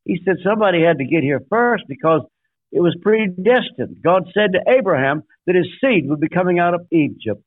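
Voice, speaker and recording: Here an older guest pastor preaches through a story, stressing numbered points and acting out what people said. He sits high in pitch, sounds expressive and talks a little fast, and the recording is dry and tinny, like a phone line.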